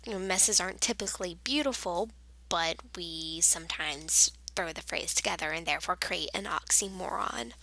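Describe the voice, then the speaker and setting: A woman in a whispered role-play as a patient teacher, slipping between a soft whisper and a quiet voice and explaining slowly with frequent fillers. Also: on the low side, gravelly, dry recording, low-quality recording.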